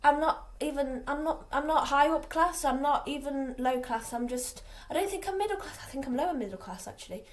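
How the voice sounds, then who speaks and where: Teen girl vlogger from England, highish voice, scattered casual rambling. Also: fairly quick, hardly any pauses. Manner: chatty, scattered, lots of fillers and restarts. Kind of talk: rambling casual vlog chat.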